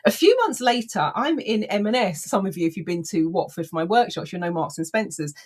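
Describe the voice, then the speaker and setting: A woman who trains people in a speed reading method tells a story to her audience. She speaks casually and with lively energy, the way someone talks when recounting something that happened to her. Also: mid-range voice, fairly quick. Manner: says "I says" and "blah, blah" in casual speech. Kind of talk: anecdotal storytelling talk.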